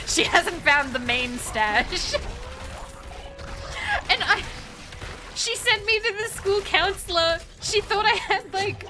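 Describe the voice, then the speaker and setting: A woman's voice: extremely high pitch, lively intonation, slow, long pauses, background noise. A woman streamer telling a casual, rambling story, giggling often and restarting her sentences. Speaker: VTuber streamer.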